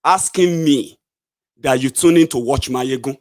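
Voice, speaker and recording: A man's voice: medium pitch, measured pace, darkish tone. A Nigerian man giving a combative, sarcastic political rant, scolding his viewers directly. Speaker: political commentator. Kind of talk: angry solo political rant.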